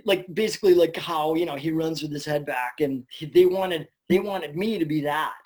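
Chatty, animated man telling stories. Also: a little high, normal speed. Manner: animated, chatty, swears casually. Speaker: voice actor guest. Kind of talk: casual interview storytelling.

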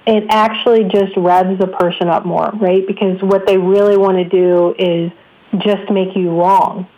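A woman's voice: medium pitch, flat delivery, a little slow, lo-fi sound. Woman host with brief replies. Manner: brief acknowledgements and follow-up questions. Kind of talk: interviewing a guest.

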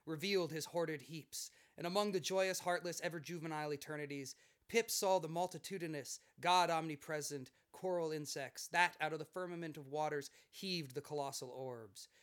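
Bright-voiced man reading solemn quotes. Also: on the high side, normal speed. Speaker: podcast host reading literary quotes. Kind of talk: dramatic reading in casual podcast banter.

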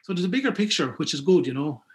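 A man's voice: on the high side, big pitch swings, quick pace. A man with an Irish accent, chatting casually about folklore he collected, rambling with lots of restarts and asides. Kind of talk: casual storytelling chat.

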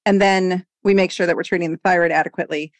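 A woman in her forties, a doctor guest on a podcast interview, talking in an animated, emphatic way. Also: lowish voice, quick pace, dry recording. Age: 40s.

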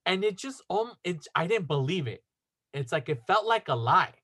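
Rambling guy with a bright, raised voice. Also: high-pitched, big pitch swings, moderate pace. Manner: rambling, filler-heavy, acts out quoted dialogue. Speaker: podcast storyteller. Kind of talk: casual storytelling chat.

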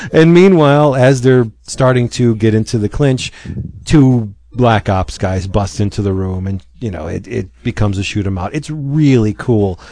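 A lowish-voiced man talks at normal speed while hosting a podcast. He casually retells a comic in animated storytelling style, acting out lines and using lots of fillers.

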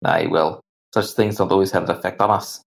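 A man playing a tabletop game, talking bluntly and gruffly in character. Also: low-pitched, fairly even intonation, brisk. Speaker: player.

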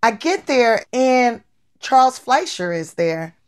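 Animated woman telling a playful story. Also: on the high side, slow, clear, resonant tone. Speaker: guest comedian. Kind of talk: casual storytelling.

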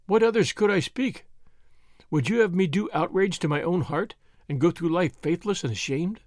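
A man's voice: sits high, normal speed, no echo, studio quality, lightly acted. A man reading the lines of a devoted young woman, earnest and solemn as she makes her vows. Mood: tender.

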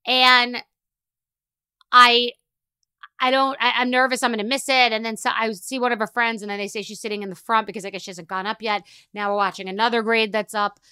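Exasperated woman ranting, bright and crisp. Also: on the high side, level tone, fairly quick, dry recording. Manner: exasperated, rambling storytelling. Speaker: podcast host. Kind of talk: solo rant.

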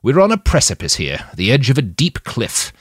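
A man's voice: medium pitch, huge pitch swings, moderate pace, slightly rough, no echo, clean studio sound, voice pushed up. A man playing a grim, grumbling old man who warns of danger. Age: over 60 (figure).

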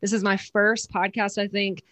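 A woman's voice: mid-range voice, normal speed. A woman with a Southern US accent, speaking as an eager podcast guest. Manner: eager, excited. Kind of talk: casual interview chat.

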